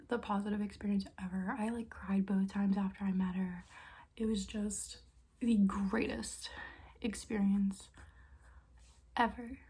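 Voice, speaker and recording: A woman's voice: mid-range voice, darkish tone, husky. A young woman from Canada telling a casual storytime as a vlogger, chatty with lots of filler words and often half-whispering.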